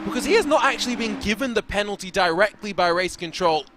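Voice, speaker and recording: A man calls an esports endurance race in a fairly high voice, explaining strategy briskly and dropping jokey asides. Constant background noise runs under his commentary. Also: expressive.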